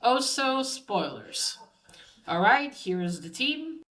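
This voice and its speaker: A woman's voice: on the high side, sing-song, takes it slowly, fairly bright tone, rough recording. A woman casually recapping a comic book issue, rambling with many fillers and restarts as she quotes the characters.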